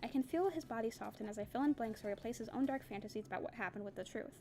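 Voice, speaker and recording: Woman, slightly high voice, reading a novel aloud, soft and subdued. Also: racing, a little hiss or hum. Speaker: audiobook reader.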